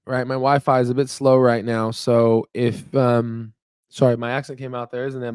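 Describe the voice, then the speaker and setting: A man's voice: mid-range voice, flat delivery, a little slow, a little mellow, clear, resonant tone, dry recording, studio quality. A young man hosting a stock market channel, chatting casually and rambling with fillers and laughs. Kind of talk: casual livestream chat. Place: staying in Memphis, Tennessee. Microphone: on Wi-Fi stream.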